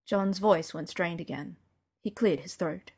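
A woman narrating an audiobook in a quiet, even, intimate manner. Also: on the low side, a little slow, husky.

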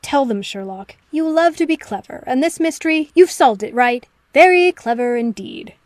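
Lady doing a bitter hurt guy, low and unflinching, dry close sound. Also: animated, normal speed, no room sound. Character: hurt, bitter man confronting his partner.

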